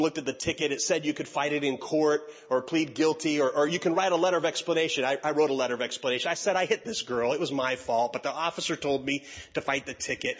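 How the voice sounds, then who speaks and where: A man's voice: on the high side, highs cut off. An older man preaching a sermon, telling a personal story and acting out the voices of the people in it. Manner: animated storytelling, acts out voices of others. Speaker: pastor.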